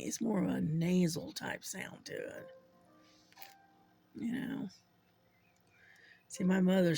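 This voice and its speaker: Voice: medium pitch, vocal fry, darkish tone. An older host with a Southern US accent, telling rambling stories in casual chat and chuckling often. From Southern United States. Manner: rambling, unhurried storytelling with frequent chuckles. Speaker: channel host.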